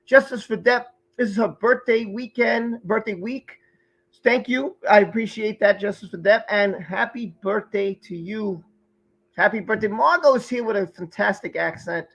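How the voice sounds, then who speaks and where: A man's voice: sits high, moderate pace, creaky, fairly bright tone, poor audio. A man hosting a live stream, chatting casually and greeting viewers by name from the chat, sometimes stumbling over their names. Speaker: livestream host.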